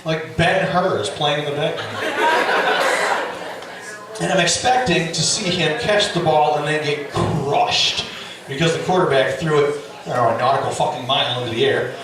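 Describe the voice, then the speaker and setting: A middle-aged man doing stand-up storytelling, animated and profane, with loud yelling bursts. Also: fairly high pitch, moderate pace, background noise. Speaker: stand-up comedian. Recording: echoey club, distant mic, audience. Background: audience laughter.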